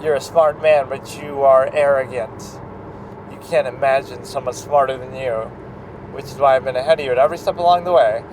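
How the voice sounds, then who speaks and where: A man playing a calm, gloating male cult leader villain, delivering his lines slowly and quietly. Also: mid-range voice, background noise, natural voice.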